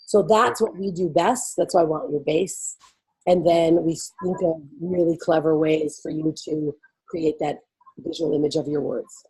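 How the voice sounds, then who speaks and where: A woman's voice: deep voice, steady tone, moderate pace, a little mellow, husky, low-quality recording. A woman hosting an event briefing, talking casually and bubbly, laughing often and filling her speech with "like" and "you know". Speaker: event host. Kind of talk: casual explanatory talk to attendees.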